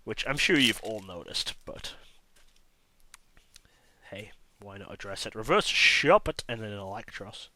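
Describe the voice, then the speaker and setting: A man hosting a card pack-opening video, hoarse from illness, chatting and mocking his own voice as he lists each card. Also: on the low side, expressive, a little slow, pauses often, bright, forceful tone, no room sound. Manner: chatty, self-mocking, listing cards as he goes. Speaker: card-opening channel host. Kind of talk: casual pack-opening commentary.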